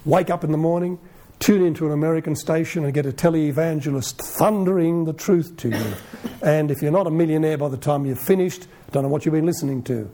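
Husky, warm-voiced male Bible teacher. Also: fairly high pitch, a little fast. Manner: conversational, rhetorical questions, lively asides.

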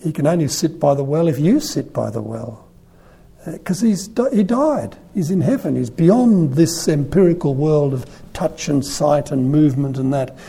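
A man giving a conversational sermon, retelling a Gospel story in an animated, storytelling way. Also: a little high, moderate pace, creaky, slightly rough.

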